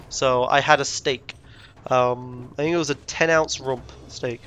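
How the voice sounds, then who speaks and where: A man's voice: mid-range voice, fairly even intonation, moderate pace, fairly bright tone, faint music behind. A young man vlogging casually, rambling with frequent self-corrections and indignant asides. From Britain. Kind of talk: casual rambling travel vlog.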